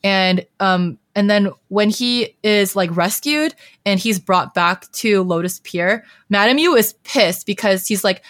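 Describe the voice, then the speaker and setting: A woman's voice: medium pitch, unhurried, hardly any pauses, fairly bright tone, dry recording, studio quality. A young woman hosting a podcast, casually recapping a story in a chatty way with many fillers. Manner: chatty, heavy use of filler "like". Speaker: podcast host.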